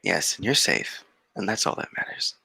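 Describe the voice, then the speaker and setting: A man playing his character in a tabletop game, excited and stammering with restarts. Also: sits low, moderate pace, vocal fry, husky, dry recording. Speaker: player. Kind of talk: in-character tabletop role-play.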